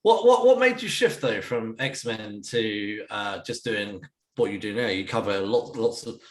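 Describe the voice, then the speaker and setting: Man, podcast host, relaxed casual chat, low voice, roomy echoey recording. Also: a little slow.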